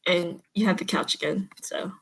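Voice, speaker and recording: A woman's voice: fairly low pitch, fairly even intonation, normal speed, gravelly, fairly bright tone, breathy edge, poor audio. A woman narrating a tabletop game as game master, casual and chatty, laughing often.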